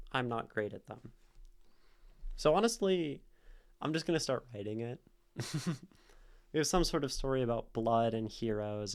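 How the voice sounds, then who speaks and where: A male streamer casually explaining poetry step by step, thinking aloud with fillers as he goes. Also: medium pitch.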